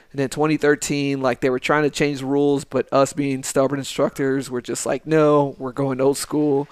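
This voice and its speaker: Flat-voiced laid-back male host. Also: mid-range voice, clean tone, no room sound. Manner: laid-back, profane, halting with fillers. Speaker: podcast host. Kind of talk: casual chat.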